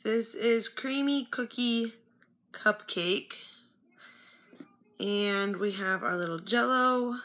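A woman's voice: mid-range voice, slow pace, long pauses, fairly bright tone. A young woman chatting casually as she unboxes small toys at a relative's house, muttering to herself now and then as she sorts the pieces. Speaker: toy unboxing vlogger.

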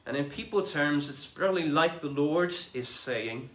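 A man's voice: fairly high pitch, normal speed, hardly any pauses. Man preaching in an echoey room. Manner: conversational, animated retelling of scripture in everyday speech. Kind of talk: sermon. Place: church.

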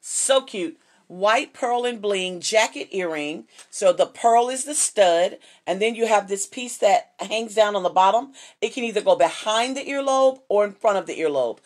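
A woman's voice: medium pitch, lively intonation, normal speed. A middle-aged woman, hosting a casual live jewelry sale and greeting viewers by name in a bubbly, chatty way. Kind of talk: casual live-stream selling.

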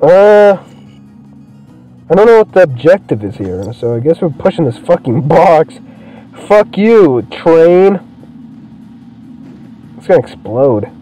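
A young man giving profane, excitable commentary while playing a video game. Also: fairly high pitch, slow pace, long pauses, soft background music, rough recording. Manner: profane, excitable, swears constantly. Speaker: gameplay streamer. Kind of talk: let's play commentary.

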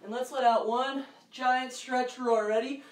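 A woman leading a workout for kids, calling out moves and counts in an upbeat, encouraging way, with loud bursts on the counts. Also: sits high, fairly even intonation, measured pace, far from the mic. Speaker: fitness coach for kids. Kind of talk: leading a live kids' workout. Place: room at home. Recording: echoey room, voice off-mic.

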